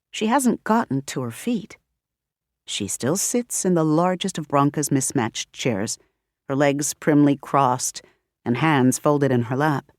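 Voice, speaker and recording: A woman reads a novel aloud in a lively voice that moves through a wide range of pitch. Her tone sits a little low. The recording is dry and close. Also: no echo. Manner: expressive, varied delivery. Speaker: audiobook narrator. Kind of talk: scripted narration.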